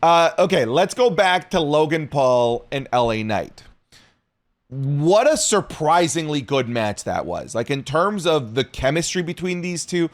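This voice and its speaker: A man co-hosting a late-night wrestling podcast in casual chat, teasing and laughing often. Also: mid-range voice. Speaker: podcast co-host.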